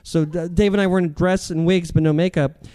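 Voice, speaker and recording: Smooth-voiced comedian telling stories. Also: male voice, high-pitched, fairly even intonation, fairly quick, mellow. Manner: rambling, self-deprecating storyteller. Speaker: comedian guest. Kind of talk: casual anecdotal interview.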